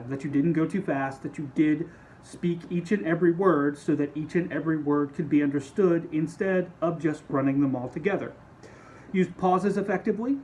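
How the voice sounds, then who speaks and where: Male speech teacher, slightly high voice, casual lecture manner, faint hiss behind. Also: a little mellow, rough recording. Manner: casual, conversational, explains with quick demonstrations. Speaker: speech instructor. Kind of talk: recorded lecture.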